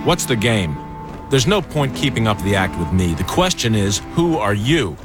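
A man's voice: lowish voice, big pitch swings, moderate pace. An actor playing an adult male superhero who suspiciously questions an impostor, heard in a clip played over the radio. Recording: clip played under loud music.

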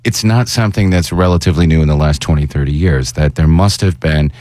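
A man from Northern Pennsylvania hosts the conversation in a very deep voice. He is chatty and jokes as he tells his stories. The recording is dry and close. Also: quick pace, a little mellow, dry recording. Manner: chatty, jokey storyteller. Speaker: podcast host. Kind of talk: casual interview chat.

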